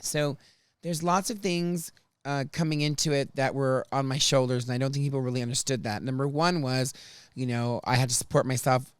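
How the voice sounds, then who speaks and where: A man hosting a podcast, telling stories from his life in a chatty, animated way. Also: medium pitch, brisk, clean tone, dry recording. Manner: chatty, animated, restarts and laughs often. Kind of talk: casual storytelling chat.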